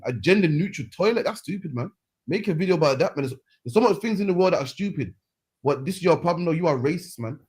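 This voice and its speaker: Man, husky voice, rapid heated talk, mocking reaction host. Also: on the high side. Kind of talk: street preaching reaction commentary.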